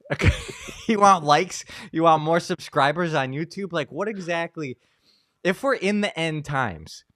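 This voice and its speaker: A man co-hosting a casual talk show, telling stories in an animated way with many fillers and restarts. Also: on the high side, unhurried, no echo, clean studio sound. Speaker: co-host, Catholic psychologist. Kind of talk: casual conversational commentary.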